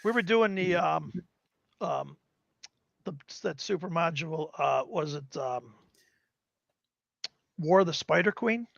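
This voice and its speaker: A high, gravelly voiced man in his fifties rambles through animated stories from years of tabletop gaming. The sound is dry and dull, like a lo-fi stream mic. He often slips into quick acted quotes of other players. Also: dry recording. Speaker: guest gamer. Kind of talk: casual storytelling.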